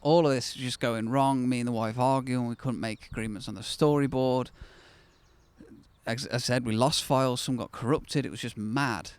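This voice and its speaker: A man's voice: mid-range voice, fairly even intonation, normal speed, smooth, no room sound. A man in his thirties, the host of his own channel, telling a personal story to camera in a candid, conversational way that turns reflective and then bursts with enthusiasm.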